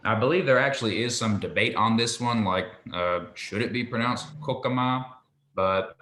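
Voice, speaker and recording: A man patiently tutoring a student in Hebrew pronunciation, relaxed and a little hesitant, with many ums. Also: lowish voice, moderate pace, a little hiss or hum. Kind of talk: patient one-on-one language lesson. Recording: echoey room with faint ambience.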